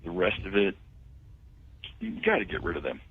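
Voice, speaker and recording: A man, a tax firm owner, pitching his services confidently as a guest phoning into a radio talk show. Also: huge pitch swings, normal speed, a little hiss or hum. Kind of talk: radio phone-in interview. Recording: tinny phone line.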